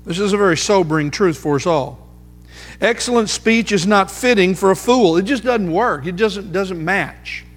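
A man preaching a sermon, emphatic, slowing down to repeat key phrases for weight. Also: high-pitched. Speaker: pastor. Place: church sanctuary. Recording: music under voice, long hall reverb.

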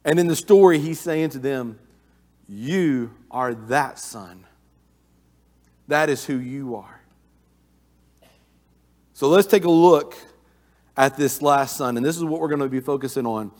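A man's voice: mid-range voice, a little slow, long pauses, a little mellow. Earnest man preaching in an echoing hall. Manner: earnest, with many restarts and filler uhs. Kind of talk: sermon. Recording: long reverb of a large hall.

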